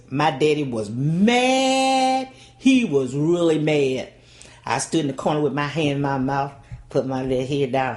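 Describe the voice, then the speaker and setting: A woman's voice: sits low, darkish tone. An older woman with a Southern US accent, telling a folksy, dramatic childhood story. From Louisiana, USA. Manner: folksy, dramatic delivery with acted-out voices. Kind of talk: oral storytelling.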